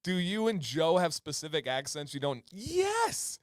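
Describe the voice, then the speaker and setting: A man's voice: a little high, huge pitch swings, a little slow, no room sound, studio quality. A man co-hosting a livestream, chatting casually and reading out viewer comments. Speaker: livestream co-host. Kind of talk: casual chat.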